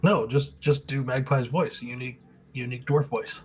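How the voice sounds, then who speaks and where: A man's voice: medium pitch, fairly even intonation, normal speed, breathy edge. Matter-of-fact man player. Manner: matter-of-fact, stating his actions plainly. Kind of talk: casual tabletop chat.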